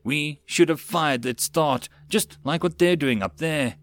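A man's voice: on the high side, a little slow, fairly bright tone, no room sound, pitched above the performer's own voice. A man voicing a blunt, scolding non-human male soldier in an audiobook.

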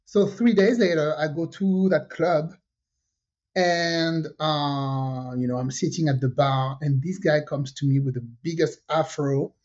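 This podcast co-host, a native French speaker from the French Caribbean, speaks in a low, unhurried voice while telling an energetic story in casual conversation. She performs the dialogue she quotes, and the recording sounds dull and lo-fi.

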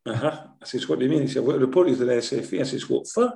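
Scottish man telling stories, mellow. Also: mid-range voice, rapid-fire, gravelly, reverberant. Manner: lively storyteller, tags sentences with "eh?". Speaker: former football manager. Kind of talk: anecdotal interview storytelling.

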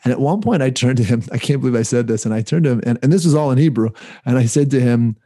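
A man's voice: medium pitch, fast, mellow. A man from Israel telling a surfing story in casual chat, rambling with many restarts and fillers.

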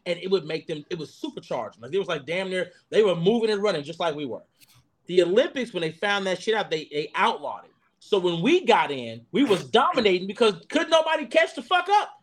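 A young adult man on a podcast panel, riffing in casual chat, profane and animated, full of restarts. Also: sits high, fairly quick.

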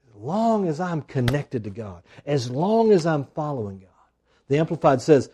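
A man preaching a sermon, swinging from loud emphatic lines to hushed, drawn-out asides. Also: on the high side, big pitch swings, husky. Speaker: pastor.

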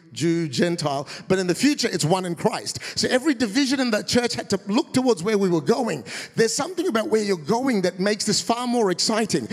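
A high-voiced man preaching a lively, story-filled sermon, breaking into a high shout when he plays the people in his stories. His voice carries through a church auditorium with a long reverb. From of Indian heritage. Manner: animated, acts out quoted voices in a high shout. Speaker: guest preacher.

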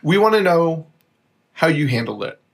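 Tipsy rambling podcast dad. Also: male voice, fairly high pitch, big pitch swings. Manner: rambling, quick asides and chuckles. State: tipsy from drinking. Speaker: podcast co-host, new father. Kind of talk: casual chat.

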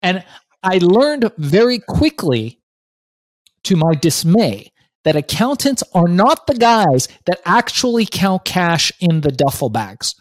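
A man in his fifties, an author and guest, telling his story in an animated, profane way. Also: high-pitched, slow, no room sound. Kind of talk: storytelling interview.

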